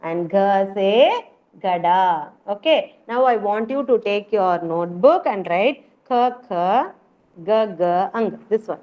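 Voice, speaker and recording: A woman's voice: mid-range voice, lively intonation, unhurried. A woman with an Indian English accent, a preschool teacher running an online class and encouraging the children with repeated call-outs. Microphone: video call. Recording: muffled online call audio.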